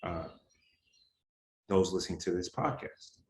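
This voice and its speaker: A man's voice: deep voice, lively intonation, unhurried, a little mellow. A young adult man answering interview questions in an earnest, heated, casual way full of slang. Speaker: interview guest. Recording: roomy echo, faint ambience.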